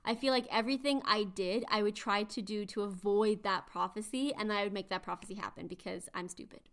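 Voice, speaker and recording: A woman's voice: medium pitch, fairly even intonation, brisk, a bit bright. A woman hosting a podcast, chatting animatedly as she retells myths with quiz-like asides. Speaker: podcast host. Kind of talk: casual chat retelling myths.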